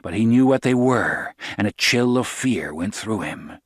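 A man narrating a novel as an audiobook, in a steady, even storytelling voice. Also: fairly low pitch, measured pace, breathy edge, dry recording, studio quality.

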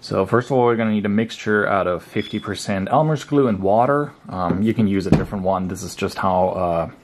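A man narrating a casual hobby crafting tutorial at home in a relaxed, chatty way, with frequent fillers. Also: on the low side, a little fast, a little hiss or hum. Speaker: crafting vlogger.

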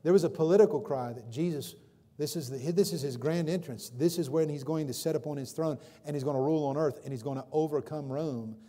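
A male pastor preaching a sermon in a church, swinging between loud emphatic calls and quieter explanation, with frequent questions to the congregation. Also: on the high side, brisk. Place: church sanctuary. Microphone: livestream recording from the pulpit.

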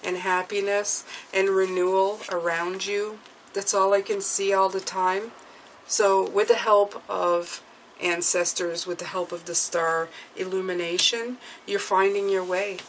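A woman giving a tarot reading to her viewers, speaking gently and reassuringly and often checking in with "okay?". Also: medium pitch, level tone, a little slow, slight background noise, low-quality recording. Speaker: tarot reader.

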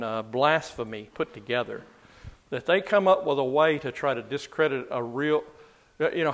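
A man teaching a Bible passage in a relaxed, chatty way, often chuckling as he talks. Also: fairly high pitch.

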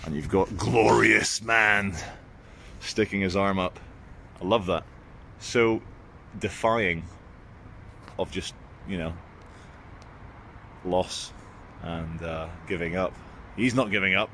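A man's voice: on the low side, unhurried, pauses often, a little hiss or hum. Chatty man vlogging outdoors. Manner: chatty, animated storytelling with quoted voices. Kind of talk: casual walking vlog. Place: city streets outdoors at dawn. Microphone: handheld phone camera.

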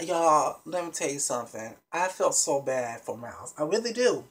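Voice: mid-range voice, lively intonation, moderate pace, few pauses, a bit bright. A vlogger casually recapping a reality show episode for viewers, chatty and emphatic, with many restarts and frequent asides to the audience.

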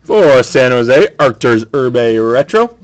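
A man hosting a sports card break, calling out each card pulled in a brisk, matter-of-fact way. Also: mid-range voice, sing-song, a little hiss or hum. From Canada.

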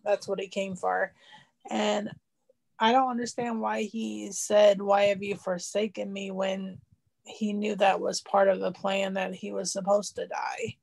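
A woman's voice: medium pitch, little pitch movement, a little slow, vocal fry, darkish tone. A woman in a study class hesitantly asking a question.

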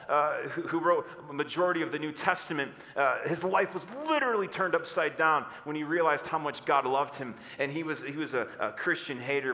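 A man preaching a sermon as pastor, energetic and leading the congregation in call-and-response. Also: fairly high pitch. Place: church hall. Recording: long church hall reverb.

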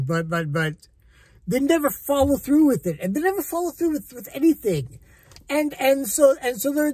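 A man's voice: high voice, no room sound. A man giving a casual spoken film review as a critic, talking in a blunt, rambling way with frequent swearing and many restarts. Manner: many restarts and repeated words. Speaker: movie critic.

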